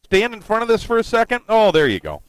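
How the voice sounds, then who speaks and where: A middle-aged man hosts a live cooking stream in a lively, bouncing voice that sits a touch high for a man. He rambles casually, fills pauses with ums, and greets viewers as they drop in. The sound is close and dry, with little room around it. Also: smooth, no room sound, rough recording.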